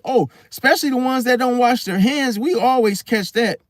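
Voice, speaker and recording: A man's voice: very high-pitched, moderate pace, hardly any pauses, dry recording. A man hosting an astrology channel, telling rambling stories in casual slang, recorded close and dry. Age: adult, once married. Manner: slangy, rambling, animated storyteller. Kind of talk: casual storytelling monologue.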